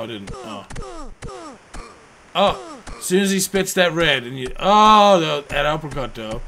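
A man commentating his own video game play, joking around and bursting into loud, profane outbursts. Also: a little high, a little hiss or hum. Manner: profane, excitable outbursts and rambling jokes. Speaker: gameplay commentator.

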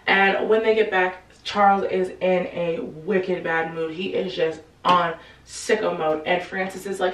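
A woman giving a casual, slangy recap of a novel, acting out the characters' lines in quick bursts. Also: fairly low pitch, steady tone, far from the mic, a little hiss or hum. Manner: chatty, slangy, acts out quotes in quick bursts. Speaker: book explainer. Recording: roomy echo, a bit off-mic.

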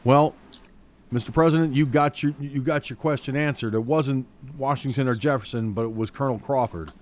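A man's voice: mid-range voice, brisk. Angry profane male commentary host. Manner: reads news then rants angrily with heavy swearing. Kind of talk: online news commentary.

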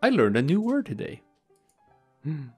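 Very low-voiced teasing woman gamer. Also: wildly swooping pitch, a little slow, a little mellow, slightly rough, soft background music. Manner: teasing, playful, laughs a lot. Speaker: let's play co-host. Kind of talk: casual game commentary.

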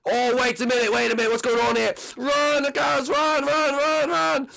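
A man voicing Mario as a frantic, panicky figure on the run, yelling high and breathless. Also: level tone, moderate pace, vocal fry, full character voice. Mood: panicked.

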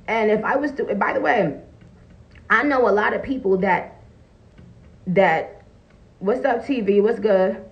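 Gravelly, profane woman on a livestream. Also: mid-range voice, slow pace, long pauses, muffled recording. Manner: blunt, profane, laughing often, breaks off to greet viewers. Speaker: live streamer greeting viewers. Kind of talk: casual livestream chat.

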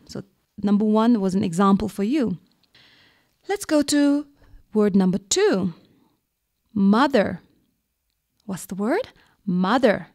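A woman from Bhutan teaching a young class, speaking slowly and clearly, stretching out words and asking encouraging questions. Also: on the high side, darkish tone, no echo, clean studio sound. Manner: slow, clear, drawn-out words for young learners; encouraging, asks questions and answers them. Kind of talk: children's classroom lesson.

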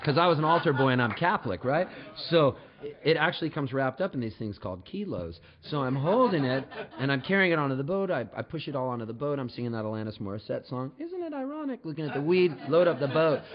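A man telling a comic story on stage in an animated, jokey way, building up to his punchlines. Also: medium pitch, fast talker, muffled recording, crowd noise.

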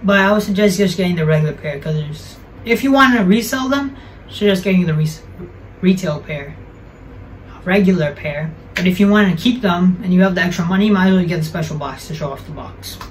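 A man's voice: sits high, lively intonation, a little fast, distant mic, a little hiss or hum, poor audio. A young man chatting casually as a sneaker vlogger, slangy and correcting himself as he goes.

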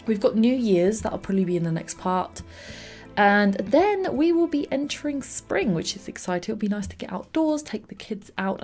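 A woman's voice: mid-range voice, mellow. A young woman hosting a let's play, chatting and reacting aloud to the game with frequent little laughs. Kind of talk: gameplay commentary.

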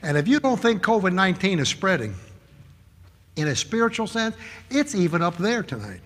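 A man preaching a sermon, telling animated stories and acting out the people he quotes. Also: sits high, moderate pace, long reverb tail. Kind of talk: sermon with anecdotes.

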